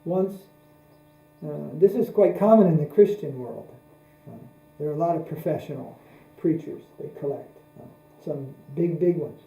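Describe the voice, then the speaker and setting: A spiritual teacher gives a religious lecture in a measured, repetitive, anecdotal manner, his voice a little high, gravelly and dark in tone. The recording has an echoey room and a mains hum.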